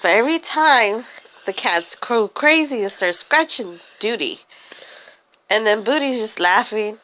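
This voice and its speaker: A woman telling an improvised, silly story with a giggly, rambling manner. Her voice sits a little high and swings widely in a sing-song way. She takes her time, drawing words out slowly. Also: lively intonation, pushed and bright, slight background noise, rough recording.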